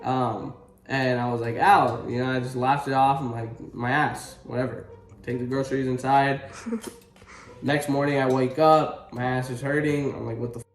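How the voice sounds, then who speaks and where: A young man vlogging casually, telling a story with swearing and loud, animated exclamations. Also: medium pitch, moderate pace, reverberant. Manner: animated, swearing, rising to exclaims when retelling pain.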